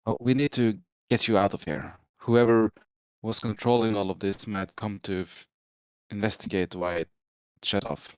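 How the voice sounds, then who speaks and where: A man playing a tabletop game, speaking in character, earnest and quick to laugh. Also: on the low side, steady tone, a little mellow, clear, resonant tone, no echo, dull audio. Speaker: player.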